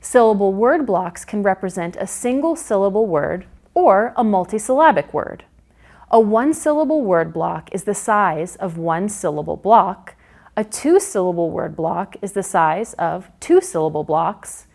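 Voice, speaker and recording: A woman narrates a phonics training lesson for teachers, unhurried and clear. Her pitch moves in a lively, animated way as she sounds out words syllable by syllable. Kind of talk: instructional narration.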